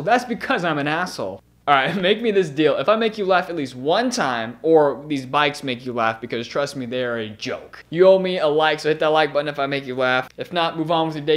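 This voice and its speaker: Brash, foul-mouthed young man roasting bikes. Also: a little high. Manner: crude, brash and mocking, swears often. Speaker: BMX channel host. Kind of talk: comedic bike roast vlog.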